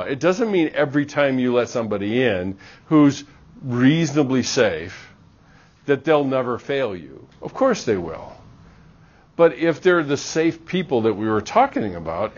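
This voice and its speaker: Animated male lecturer in a classroom. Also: medium pitch, highs cut off. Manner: animated, acts out little dialogues. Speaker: university lecturer.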